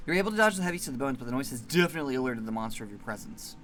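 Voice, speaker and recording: A streamer playing a narrative game, reading the text aloud and reacting in an expressive, profane way. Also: medium pitch, very fast, faint music behind. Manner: expressive, swears a lot, swings between reading and reacting.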